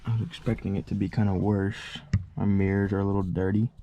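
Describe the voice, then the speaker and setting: A man's voice: lowish voice, flat delivery, quick pace. A man casually vlogging while he drives to work, rambling with many fillers, recorded inside a moving car. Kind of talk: casual vlog while driving. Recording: muffled with loud road noise.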